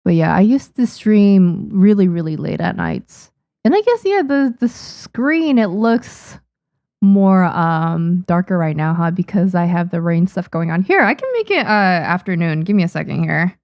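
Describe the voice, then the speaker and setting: A woman's voice: lowish voice, sing-song, a little slow, a little mellow, dry recording, studio quality. A young adult woman, a manga artist, chatting casually on a livestream at her desk microphone, thanking viewers with frequent ums. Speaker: manga artist streaming to chat.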